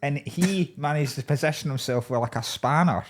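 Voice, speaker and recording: A man's voice: on the high side, moderate pace. A man co-hosting a comedy podcast, telling crude, rambling stories and laughing at his own jokes. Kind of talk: casual comedy chat.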